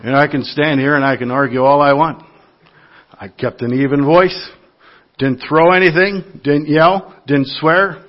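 A man delivers a sermon in an earnest, conversational way, weaving everyday stories into his preaching. His voice sits a little high for a man. The recording is somewhat dull and lo-fi, like a church service recording. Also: fairly even intonation, unhurried. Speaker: lay preacher.

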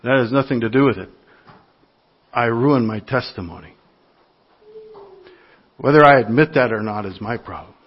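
A man's voice: medium pitch, normal speed, long pauses, slightly rough, highs cut off. A man preaching a sermon to his congregation, telling everyday stories in an earnest, conversational way. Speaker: lay preacher.

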